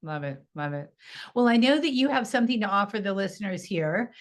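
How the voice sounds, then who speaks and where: A woman's voice: mid-range voice, very animated, a little fast. A woman hosting a podcast interview, conversational and affirming. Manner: conversational, many affirming fillers. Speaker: podcast host.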